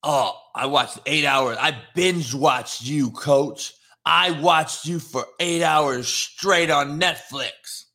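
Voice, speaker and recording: Ranting profanely on his live stream, this middle-aged former coach turned show host mocks commenters with brash energy. He sits on the high side and takes it slowly, yet barely pauses, his tone bright and forceful.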